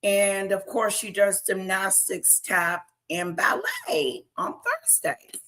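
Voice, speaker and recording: A woman in her thirties hosts a casual livestream and talks through everyday stories at an unhurried pace. Her voice is bright and clear, and she tells things in a chatty way. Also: medium pitch, wildly swooping pitch. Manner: slow, chatty storytelling with laughs. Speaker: livestream host.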